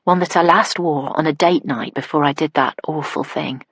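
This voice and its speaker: A woman's voice: low-pitched, normal speed, slightly rough, no echo. A woman narrating a first-person psychological thriller in an intimate inner voice that sometimes drops to a whisper. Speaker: audiobook narrator.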